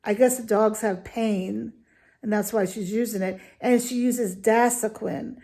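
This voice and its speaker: A woman's voice: medium pitch, steady tone, unhurried, gravelly, warm tone. A woman giving an opinionated video review, talking in an indignant, emphatic, ranting way. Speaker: dog food reviewer.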